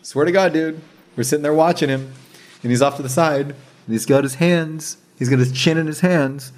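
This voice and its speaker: A man hosting a casual chat, telling a story with energy, swearing and acting out what others said. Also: fairly high pitch. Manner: animated, slangy storyteller who swears and says dude and bro; acts out others' words in quick asides.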